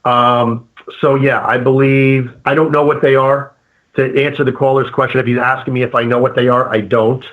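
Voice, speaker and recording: A male guest paranormal investigator in a casual interview, speaking haltingly with many fillers and restarts. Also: mid-range voice, flat delivery. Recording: phone-like narrow sound.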